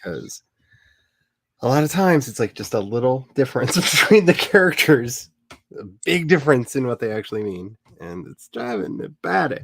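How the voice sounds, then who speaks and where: Speaking at normal speed with a medium pitch and vocal fry, this man is very animated as he hosts a writing livestream. His casual chat during the writing sprint rambles along, self-mocking and full of jokes and asides.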